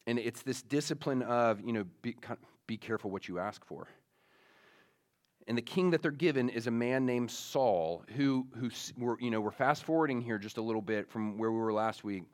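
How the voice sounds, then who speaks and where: A man's voice: mid-range voice, moderate pace, darkish tone. A male pastor preaching a sermon in a casual storytelling way, with many fillers, speaking to young listeners.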